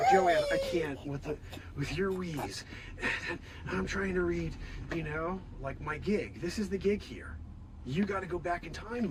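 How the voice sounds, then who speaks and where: A man doing an improvised comedic monologue, ranting in an exasperated way and breaking into shouts. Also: fairly high pitch, background noise. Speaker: comedian host.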